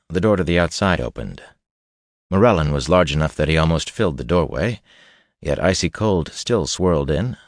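A man narrating a fantasy novel in a measured, steady storytelling voice. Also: very deep voice, no room sound, studio quality. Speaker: audiobook narrator.

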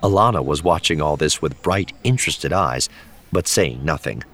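Very deep expressive male narrator. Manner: expressive, measured. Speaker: audiobook narrator. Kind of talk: scripted narration.

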